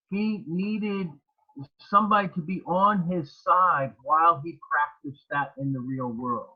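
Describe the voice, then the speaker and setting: A man taking part in a lecture's Q&A over a video call, explaining a reflective point. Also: fairly high pitch. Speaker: participant asking a question. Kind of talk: Q&A comment. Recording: tinny phone-like call audio.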